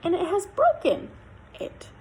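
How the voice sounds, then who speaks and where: A woman putting on a squeaky little baby bear. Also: huge pitch swings, a little mellow, slight background noise, heavily acted, rough recording. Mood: whiny. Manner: high and quick.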